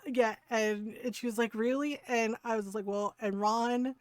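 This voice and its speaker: A woman's voice: on the high side, steady tone, unhurried, clean tone, dry recording. A woman streamer chatting casually while gaming, telling stories with frequent laughs and free swearing. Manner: chatty storytelling, laughs often, swears freely.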